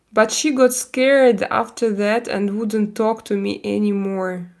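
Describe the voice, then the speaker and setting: Doing makeup on a livestream at home, a woman rambles chattily to her viewers, full of fillers and restarts and occasional mock-Spanish bits. She speaks slowly in a steady, mid-range voice with hardly any pauses.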